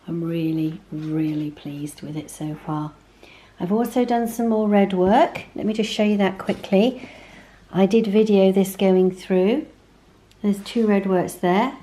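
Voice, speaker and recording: A woman's voice: medium pitch, dark tone. A woman chatting casually in a sewing vlog, rambling and self-deprecating, talking into a phone at home. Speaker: sewing vlogger.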